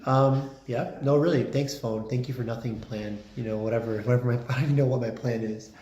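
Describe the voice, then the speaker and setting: A man's voice: medium pitch, brisk, highs cut off, slight background noise. Chatty man lecturing in an echoey classroom. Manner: chatty, filler-heavy, lively emphasis. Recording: roomy classroom echo.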